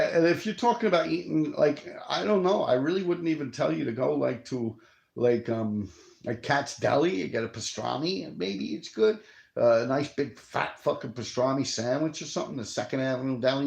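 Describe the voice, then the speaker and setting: A man's voice: medium pitch, lively intonation, moderate pace, gravelly, a little mellow. A middle-aged man, telling profane street stories on a live stream. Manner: profane, streetwise, answers viewer chat. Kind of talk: casual rambling storytelling.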